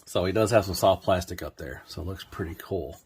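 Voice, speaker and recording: A man's voice: deep voice, fairly quick, darkish tone, breathy edge. A man casually reviewing a toy on his channel, rambling and laid-back, with lots of fillers and restarts.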